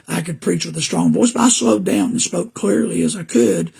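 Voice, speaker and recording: Older Southern man, preacher, casual podcast talk: weak, damaged voice, very gravelly and husky, fairly high-pitched, rambling, earnest. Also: moderate pace, darkish tone. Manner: rambling, earnest, greets viewers by name mid-talk.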